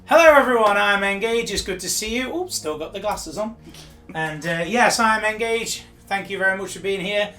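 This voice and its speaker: A man's voice: high voice, lively intonation, normal speed, sharp tone, faint music behind. A man appearing as a guest, chatting casually and enthusiastically about games. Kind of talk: casual chat.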